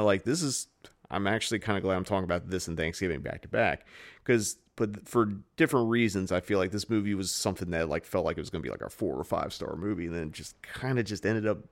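A man co-hosting a podcast in casual, rambling chat, swearing freely. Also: on the low side. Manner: loose, rambling, swears a lot. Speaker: podcast co-host.

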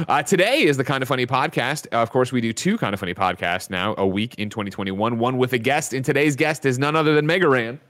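A man hosting a casual podcast, talking in an animated, emphatic way with loud outbursts. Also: fairly low pitch. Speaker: podcast host. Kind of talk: casual podcast chat and news reading.

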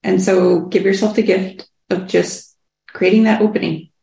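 Gravelly woman urging from an echoey room. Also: medium pitch, steady tone, moderate pace, dark tone. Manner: urging, repeating herself for emphasis. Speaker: participant or co-coach on the call. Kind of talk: encouraging talk on a group call.

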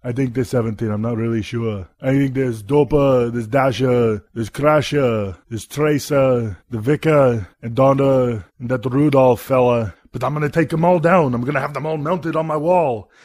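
A man's voice: medium pitch, moderate pace, hardly any pauses, darkish tone, dry recording, studio quality, natural voice. A man doing a comic impression of a self-important Austrian action-star governor, boasting in a thick put-on Austrian accent. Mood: menacing. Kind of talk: comedy sketch monologue.

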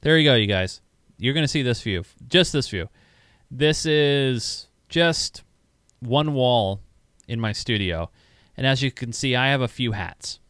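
A man's voice: medium pitch, expressive, measured pace, a bit bright, no echo. A man co-hosting a casual gaming show from his home studio. He reads viewer questions, laughs often and repeats himself. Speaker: show co-host.

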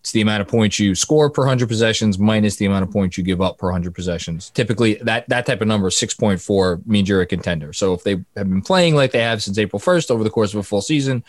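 A man's voice: lowish voice, fast, few pauses, no echo, clean studio sound. A man co-hosting a casual sports podcast, reeling off statistics and laughing at his own numbers. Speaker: podcast co-host.

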